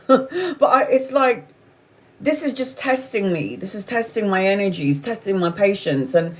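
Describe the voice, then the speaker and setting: A woman's voice: fairly high pitch, a little slow. A woman in her forties, hosting a casual spiritual livestream chat, telling candid stories with frequent swearing. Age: 40s. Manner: candid, swearing, animated storytelling. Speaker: tarot reader livestream host.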